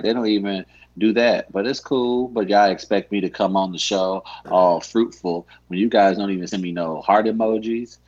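A man's voice: fairly low pitch, steady tone, normal speed, a little mellow. A man on a podcast, casually bantering in a playful, mock-offended, slangy way. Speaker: podcast regular. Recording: dull lo-fi sound.

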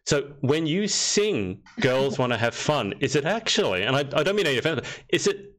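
A man hosting a casual live-streamed chat, teasing his guests in a quick, chatty way. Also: a little high, sing-song, fairly bright tone. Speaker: podcast host.

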